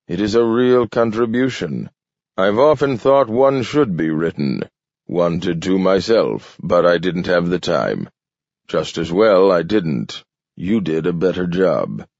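A man's voice: sits low, very animated, slow pace, vocal fry, darkish tone, dry recording, heavily acted. A man reading the part of a grave, gray-haired male doctor who talks in a firm, insistent way. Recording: dull lo-fi dry recording.

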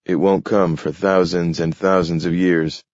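A man playing a determined grown man who speaks briskly and insistently. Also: sits low, flat delivery, a little mellow, dry recording, lo-fi sound. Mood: earnest.

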